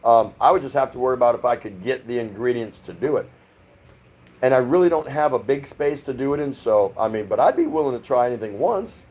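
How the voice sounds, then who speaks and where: A man's voice: medium pitch, expressive, fairly quick, husky, muffled recording. A middle-aged man from the United States hosting a casual livestream from his home, rambling as he reads viewer comments aloud and chats back. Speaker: livestream host. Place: home in the Philippines.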